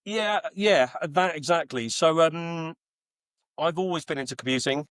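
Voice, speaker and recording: With a fairly high, clear, resonant voice and an unhurried pace, this podcast guest tells stories in a relaxed interview. He's in his forties, grew up in Texas, mines Bitcoin at home, and talks in a chatty, animated way with plenty of fillers and restarts. There's no echo.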